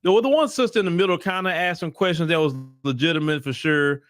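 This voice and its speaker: High-voiced man giving blunt political commentary. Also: fast, fairly bright tone. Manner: emphatic, blunt, repeats points for emphasis; casual vernacular talk to viewers. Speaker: political commentary channel host.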